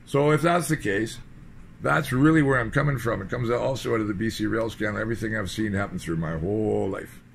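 A man's voice: on the low side, fairly quick, creaky, slight background noise. A man from British Columbia giving a rambling, sardonic political monologue in loose fragments. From British Columbia, Canada. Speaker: political commentator.

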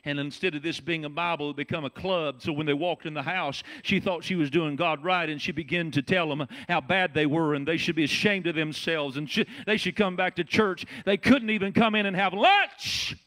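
A man with a Southern US accent, preaching a folksy sermon as pastor, dropping from loud shouts to soft, low talk. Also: brisk, few pauses.

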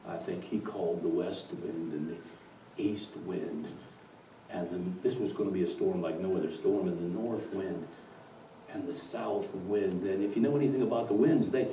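Preacher in an echoing church. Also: male voice, low-pitched, a little hiss or hum. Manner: storytelling, dramatic swings from hushed to loud. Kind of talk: sermon. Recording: echoey church from far off.

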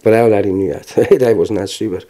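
A man in his forties with a Belfast accent, giving frank personal testimony in an interview, telling it plainly with halting restarts. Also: on the low side, fairly even intonation, dark tone. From Northern Ireland.

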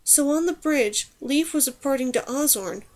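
A woman doing a kind and curious young girl, speaking gently and asking questions, her voice light and fairly high. A storybook heroine who is brave but soft-spoken. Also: normal speed, lightly acted. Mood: gentle.

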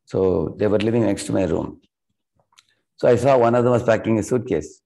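Middle-aged Indian English speaker, spiritual teacher, deep mellow gravelly tone, storytelling lecture. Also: male voice, moderate pace. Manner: earnest storytelling, acts out quoted characters with rising emotion.

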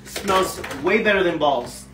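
A man puts on a high, swooping voice for a nagging young wife in a comedy sketch, sulky and sarcastic. The voice sits far from the mic in an echoey room with steady background noise. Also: a little slow. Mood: annoyed. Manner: insists she is not mad, sulky and sarcastic.

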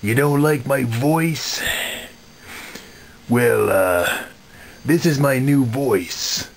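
A man voicing a smug, mean male puppet frog in a comedy puppet video, talking slowly with sly chuckles. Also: mid-range voice, creaky, exaggerated voice.

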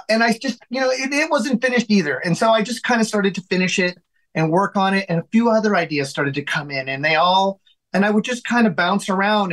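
A man being interviewed in his home studio, telling a long story with lively acted-out dialogue and many restarts. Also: high-pitched, low-quality recording. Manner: animated storyteller who acts out quoted dialogue; frequent restarts and repeated words. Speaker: guest, singer and songwriter.

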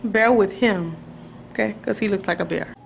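A woman's voice: mid-range voice, normal speed, creaky, a little hiss or hum, rough recording. A young woman vlogging at home, chatting upbeat to the camera about her plans. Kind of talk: casual chat to camera. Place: at home, indoors. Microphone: handheld camera.

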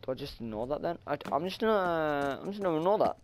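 A man's voice: a little high, expressive, fast talker, background noise. A young man commenting on a horror game, muttering nervously to himself and breaking into sudden startled shrieks. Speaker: gaming channel host.

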